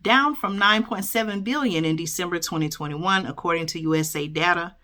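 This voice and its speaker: A woman's voice: fairly low pitch, brisk, bright, forceful tone. A woman, casually reading a news article aloud and commenting on it, often tagging on "okay?" and "y'all" and correcting her slips. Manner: chatty, keeps adding "okay?" and "y'all", stumbles and corrects herself. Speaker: YouTube host reading news.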